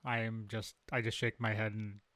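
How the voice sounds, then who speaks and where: A man's voice: fairly low pitch, flat delivery, normal speed, a bit bright, no echo. A man playing in a tabletop game, making dry, wry remarks. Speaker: player. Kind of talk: casual tabletop game play.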